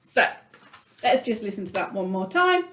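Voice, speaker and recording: An English woman music teacher patiently guides children through an online lesson, describing her drawing as she works. Her mid-range voice is sing-song and moderately paced, recorded in an echoey room with heavy background noise.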